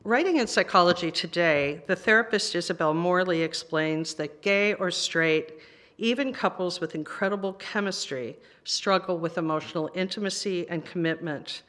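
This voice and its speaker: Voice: mid-range voice, normal speed, a bit bright. Conversational minister preaching a sermon.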